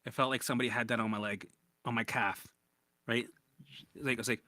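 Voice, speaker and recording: A man's voice: medium pitch, steady tone, a little fast, sharp tone, no echo, clean studio sound. A man coaching viewers in a casual livestream chat, answering their comments bluntly, swearing freely and often tagging "right?" onto his points. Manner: blunt and profane, keeps checking in with "right?". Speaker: recovery coach.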